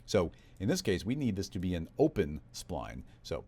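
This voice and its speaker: A man walking through a software tutorial in a relaxed, conversational step-by-step way. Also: low-pitched, moderate pace, breathy edge. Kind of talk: screen-recorded software tutorial.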